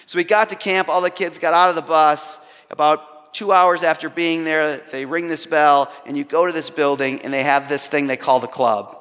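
Male preacher, fairly high voice, wry self-mocking storyteller, long hall echo. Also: steady tone, normal speed, hardly any pauses, a bit bright. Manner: self-deprecating, humorous storytelling. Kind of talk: storytelling sermon.

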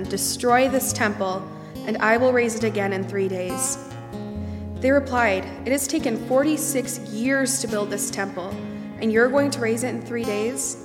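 A woman reading a scripture passage aloud in a steady, measured way. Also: fairly high pitch. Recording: long hall reverb, music behind.

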